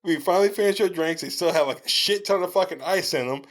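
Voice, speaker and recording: Podcast co-host, man in his thirties, slightly higher voice, swears freely, lively storyteller. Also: fast. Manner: profane, storytelling, animated retelling. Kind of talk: casual chat.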